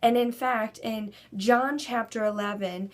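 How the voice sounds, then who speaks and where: A woman's voice: on the high side, steady tone, a little slow. A woman giving an earnest devotional talk to camera, building to emphatic preaching. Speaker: Christian speaker.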